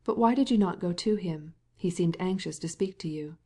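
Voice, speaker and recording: A man's voice: high voice, moderate pace, dark tone. A woman reading an audiobook, voicing a polite, ironic elderly prince. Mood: courteous. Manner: courteous.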